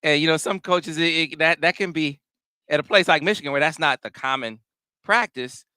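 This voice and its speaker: A man hosting a casual sports talk show, speaking in a measured, analytical way with frequent restarts. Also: a little high, bright, forceful tone, clean tone, dry recording.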